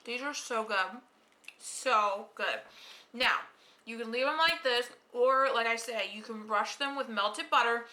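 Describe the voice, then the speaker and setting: Woman vlogger, high and bright, calm step-by-step kitchen instruction to a kid. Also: unhurried. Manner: patient step-by-step instructions, coaching a child. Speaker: home baking vlog host. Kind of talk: casual baking demonstration. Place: home kitchen.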